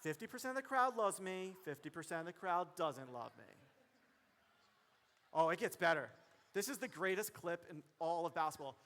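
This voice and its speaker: A man giving a motivational keynote as a referee, speaking directly to the audience in a lively way. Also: sits high, normal speed. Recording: long hall reverb.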